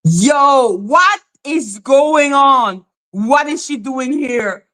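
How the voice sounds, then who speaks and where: Chatty woman livestream host, slow-talking. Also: medium pitch. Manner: chatty, animated, exclaims and greets chat by name. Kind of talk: casual livestream chat greeting viewers.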